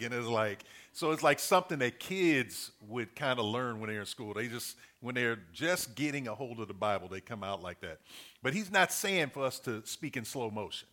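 A man's voice: mid-range voice, big pitch swings, normal speed, pushed and bright. A middle-aged man preaching a sermon, earnest and repeating his key points as he works through a numbered list.

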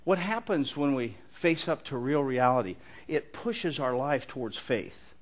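A man's voice: mid-range voice, lively intonation, unhurried. A middle-aged man preaching a sermon in an earnest, conversational way with touches of humor. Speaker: pastor.

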